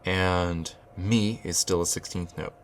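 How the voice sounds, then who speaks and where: A man's voice: low voice, steady tone, takes it slowly, a little hiss or hum. A man teaching rhythm at a whiteboard, thinking aloud with fillers and restarts and chanting rhythm syllables. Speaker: music teacher.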